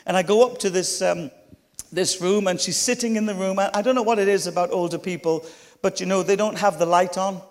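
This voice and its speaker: A middle-aged preacher delivers a storytelling sermon, tossing chatty, humorous asides to the congregation. His voice sits high with fairly even intonation and a fairly quick pace, and a long hall reverb fills the recording.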